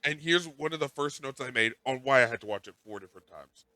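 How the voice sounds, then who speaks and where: Bright-voiced man telling a rambling story. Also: mid-range voice, lively intonation, fast talker, no room sound. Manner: rambling, self-mocking storytelling with profanity. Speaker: podcast host. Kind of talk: casual chat.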